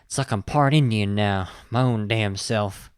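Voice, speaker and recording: A man's voice: lowish voice, unhurried, clear, resonant tone, no echo, clean studio sound, natural voice. A man quoting the lines of a crude, blunt frontier man from a film, with a drawling, coarse delivery. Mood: folksy.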